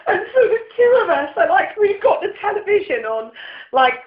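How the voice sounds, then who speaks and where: A woman co-hosting a casual podcast chat, talkative and quick to laugh. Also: extremely high pitch, sing-song. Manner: chatty, laughs easily. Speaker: podcast co-host. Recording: roomy, dull lo-fi room sound.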